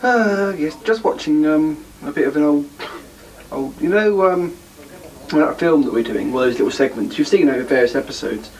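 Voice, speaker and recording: A man's voice: a little high, expressive, normal speed, darkish tone, far from the mic, low-quality recording. A man talking casually to his viewers as host, rambling and self-deprecating. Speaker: podcast host.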